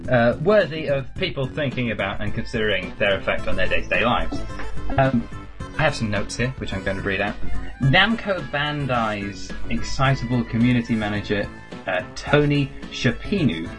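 A man hosting a casual podcast, rambling and joking with plenty of ums. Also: mid-range voice. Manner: rambling, jokey, lots of ums. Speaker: podcast host.

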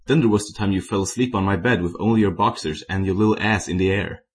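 A man doing a deep teasing zombie smoker. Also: quick pace, close to an everyday voice. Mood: annoyed. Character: tall brooding male zombie smoker, teasing.

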